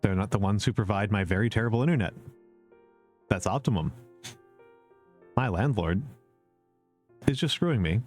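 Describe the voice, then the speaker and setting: A man's voice: lowish voice, moderate pace, pauses often, a little mellow, soft background music. A man streaming a casual question-and-answer chat, opinionated and repeating his points for emphasis, with many fillers. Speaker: VTuber streamer.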